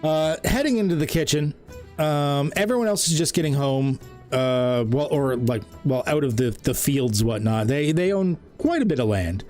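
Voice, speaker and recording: A man's voice: on the high side, animated, moderate pace, a little mellow, soft background music. Rambling game master man from Canada. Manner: rambling, with many fillers and restarts. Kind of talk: narrating a tabletop game.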